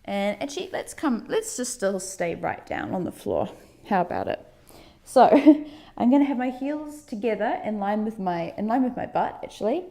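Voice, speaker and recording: A woman fitness instructor leading a workout, giving calm breathing and movement cues with chatty asides. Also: mid-range voice, moderate pace.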